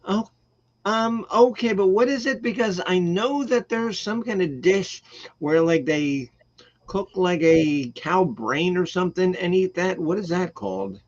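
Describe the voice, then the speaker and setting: Man, host, high voice, unhurried delivery, blunt and profane, dull lo-fi stream audio. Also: expressive. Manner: loud, blunt and profane, reading out chat comments. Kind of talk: casual chat.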